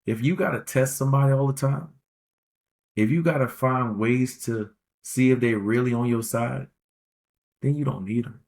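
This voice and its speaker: A man's voice: mid-range voice, normal speed, gravelly, darkish tone. A man hosting a podcast, giving casual relationship advice in a rambling, slangy way and repeating phrases for emphasis. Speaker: podcast host.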